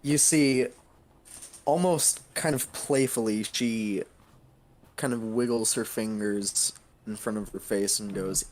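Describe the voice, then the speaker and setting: A man narrating as game master of a tabletop game, halting often with fillers. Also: fairly low pitch, a little mellow, slight background noise.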